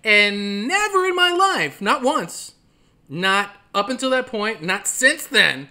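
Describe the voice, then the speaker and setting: A man telling a comic personal story at home, acting out the other people in it with big jumps in his voice. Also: takes it slowly. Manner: animated, acts out other people's lines with big pitch jumps. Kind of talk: comedic storytelling monologue. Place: home, by the front door. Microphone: camera at home.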